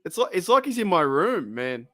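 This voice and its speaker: An Australian man talks loosely on a live stream, with a rambling, giggly delivery and many restarts. His voice sits somewhat high for a man. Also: very animated, normal speed, a bit bright. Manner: giggly, rambling, breaks into laughter. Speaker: streamer hosting a football watch party. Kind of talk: casual live-stream chat.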